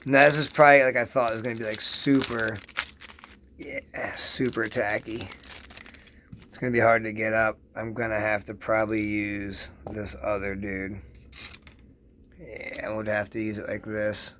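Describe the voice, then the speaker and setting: A man giving a casual, excitable how-to demo in his home basement, rambling and repeating himself as he works. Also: fairly low pitch, moderate pace, slight background noise. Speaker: home rosin-press vlogger.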